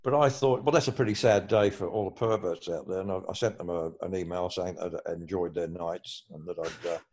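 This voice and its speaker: Older Australian man, lowish voice, rambling casual storyteller who swears a lot. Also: fairly even intonation, a little fast, a little mellow. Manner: rambling, swears freely, hesitant fillers. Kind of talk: casual chat.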